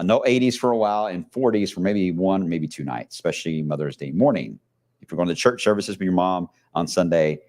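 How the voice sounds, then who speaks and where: A middle-aged man, a TV meteorologist talking through forecast maps in a casual, rambling way full of fillers, his voice hoarse and fading. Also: low voice, darkish tone. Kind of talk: live weather blog talk.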